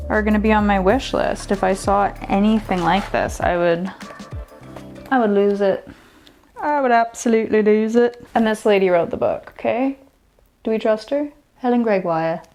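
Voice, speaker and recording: Chatty young woman showing thrift finds. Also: mid-range voice. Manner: chatty, enthusiastic, trails off and restarts. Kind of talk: casual show-and-tell chat. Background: faint background music.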